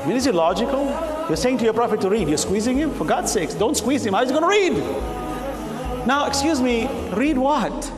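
High-voiced man preaching in an echoey hall. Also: expressive, a little fast. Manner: emphatic, rhetorical, acts out dialogue, bursts into shouts. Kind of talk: sermon. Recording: echoey hall with music behind.

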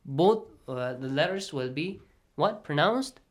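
A man's voice: on the high side, expressive, measured pace. A man teaching a classroom tajweed lesson, patiently checking that students follow, often asking "okay?" and dropping into near-whispered asides between recited phrases.

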